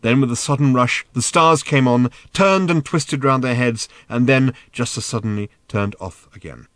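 A man narrating an audiobook in a measured, expressive reading. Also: medium pitch, dry recording. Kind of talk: scripted narration.

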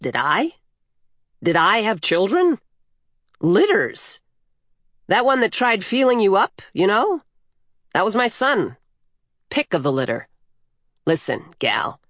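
A woman's voice: medium pitch, very animated, slow, long pauses, fairly bright tone, no room sound, studio quality, exaggerated voice. A woman voicing Coyote, a crude fearless old trickster. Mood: drawling. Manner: drawling, blunt and earthy. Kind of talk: audiobook character voice.

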